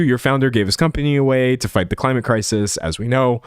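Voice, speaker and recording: A man's voice: mid-range voice, fast, smooth, dry recording. A man in casual live-stream commentary, talking in a chatty, self-correcting way as he reacts to comments. His voice sits in a middle register and is recorded on a dry close mic.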